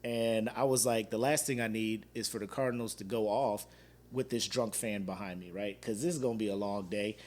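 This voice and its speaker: A man's voice: lowish voice, fairly quick. Guy in his 30s ranting casually on his podcast, laughing a lot, acting out other people. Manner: animated, laughs often, acts out quoted fans. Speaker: podcast host. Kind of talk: casual storytelling monologue.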